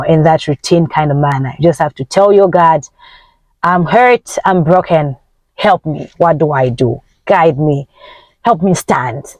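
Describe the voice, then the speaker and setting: Woman, Nyanja first language, self-help coach, emphatic preachy vlog talk, swinging pitch and tempo, dry close sound. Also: darkish tone, no echo. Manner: preachy, faith-filled encouragement.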